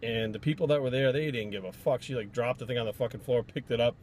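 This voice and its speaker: A man's voice: medium pitch, quick pace, a little mellow, a little hiss or hum. A man from Rhode Island, a fitness trainer, telling stories in a blunt, profane, rambling vlog rant.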